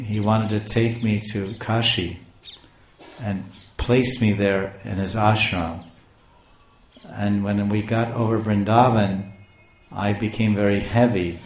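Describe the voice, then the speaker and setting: A man's voice: on the low side, close to an everyday voice. A man voicing a sacred mountain who cries because he longs to serve, speaking in a plaintive, earnest way. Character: weeping sacred male mountain, devoted and pleading. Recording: roomy echo.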